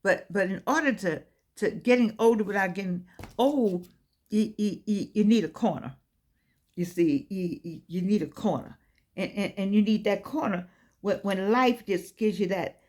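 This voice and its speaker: A woman's voice: mid-range voice, normal speed, a little mellow. Woman in her eighties, stammering restarts. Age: 80s. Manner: repetitive, many stammered restarts; earnest, preaching cadence. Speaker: motivational speaker. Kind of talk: inspirational talk.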